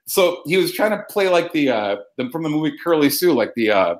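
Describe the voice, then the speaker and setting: A man's voice: on the high side, sing-song, a little fast. A young adult man hosting a casual radio talk show, cursing freely and rambling through his stories. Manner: profane, rambling. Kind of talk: casual chat. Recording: echoey room.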